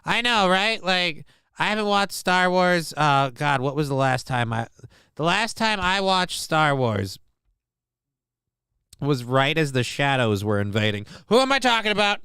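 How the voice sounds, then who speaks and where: A man's voice: fairly high pitch, sing-song, a little slow, vocal fry, pushed and bright, clear, resonant tone, dry recording, clean studio sound. A man hosting a live stream, chatting casually with his chat in a rambling, sweary, self-mocking way. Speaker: streamer host.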